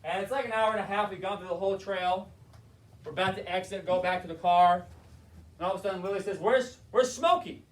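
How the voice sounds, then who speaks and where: A man's voice: high voice, level tone, quick pace. A man telling a story in an impassioned motivational talk on leadership. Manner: impassioned storytelling, acts out characters. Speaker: motivational speaker, school board member. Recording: roomy, distant mic.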